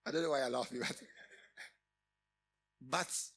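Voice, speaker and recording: A middle-aged man preaching a sermon, emphatic, often repeating and restarting phrases with sudden rises in loudness. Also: medium pitch. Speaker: pastor.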